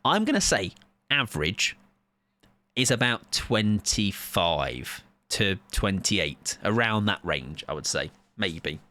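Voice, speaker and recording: A British man in his thirties streams a game, chatting casually and joking with his lobby while rambling with fillers. His fairly low voice is sing-song, slow, bright and forceful.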